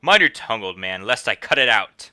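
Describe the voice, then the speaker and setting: A man's voice: mid-range voice, lively intonation, moderate pace, bright, forceful tone, smooth, dry recording, clean studio sound. An actor playing a harsh male patrol officer in a game cutscene, barking commands and threats. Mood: menacing.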